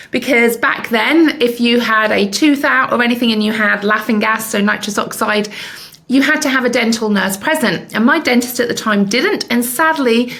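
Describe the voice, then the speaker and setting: A woman's voice: on the high side, vocal fry, fairly bright tone. A woman in her fifties hosting a podcast, telling a personal story candidly with self-mocking humor. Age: 50s. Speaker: podcast host.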